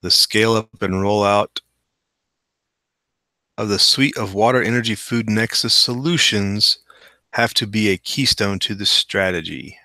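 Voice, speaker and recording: A man's voice: fairly low pitch, a little slow, pushed and bright, dry recording. Dry, skeptical man reading the news. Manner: skeptical, wry asides between read quotes. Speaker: host reading and commenting on articles. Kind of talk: casual commentary while reading aloud.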